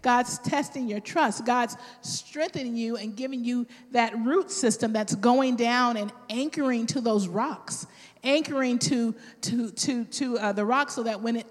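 Woman preaching in an echoing hall. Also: a little high. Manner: personal, animated storytelling with quoted voices. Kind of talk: sermon.

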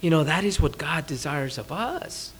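A man preaching a sermon as a pastor, talking conversationally, asking the audience rhetorical questions and dropping to a hushed voice for emphasis. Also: on the high side, expressive, moderate pace, slight background noise. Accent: Californian. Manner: drops to a soft, hushed voice for emphasis. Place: church.

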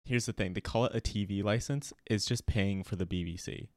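Young guy, kinda low voice, laid-back, dry mic. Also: fairly quick, a little mellow, no echo. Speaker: podcast co-host. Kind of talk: casual chat.

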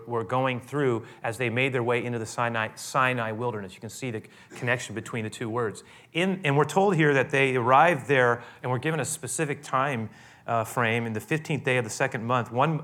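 Man, pastor, sermon, bright tone, conversational, animated outbursts. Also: mid-range voice.

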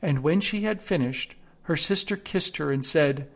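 A man's voice: on the high side, moderate pace, hardly any pauses, fairly bright tone. Man reading a storybook aloud. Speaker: narrator.

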